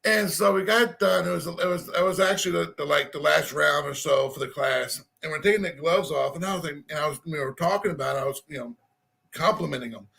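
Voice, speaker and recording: Casual male storyteller, self-mocking, raspy fry and a bright, high tone. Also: fast talker. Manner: rambling, self-deprecating, restarts and laughs.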